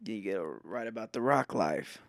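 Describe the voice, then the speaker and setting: A man's voice: lowish voice, expressive, normal speed, creaky, no echo. A man co-hosting a podcast, chatting in a laid-back way. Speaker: podcast co-host. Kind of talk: casual chat.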